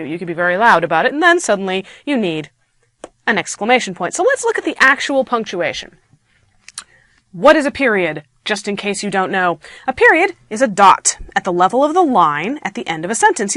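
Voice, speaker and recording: A woman teaching an online grammar lesson in a playful, animated way, acting out her example sentences. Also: medium pitch, dry recording, studio quality. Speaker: grammar instructor.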